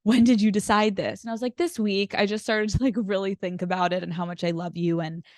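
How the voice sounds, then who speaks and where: Podcast guest: woman, chatty storyteller, slightly low voice, dry close studio sound. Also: flat delivery, fast talker, darkish tone, no room sound. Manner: chatty storyteller with frequent "like" fillers. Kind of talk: casual chat.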